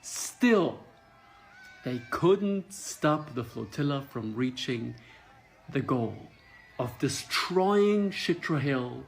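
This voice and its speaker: Slow, fiery man ranting. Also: mid-range voice, expressive, gravelly. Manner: fiery, emphatic. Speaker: co-host. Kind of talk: impassioned political commentary.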